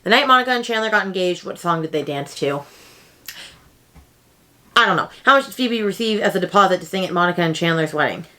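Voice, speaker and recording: Young woman book vlogger, casual and excitable, quick high reactions. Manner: chatty and excitable, with sudden high exclamations. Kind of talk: casual chat.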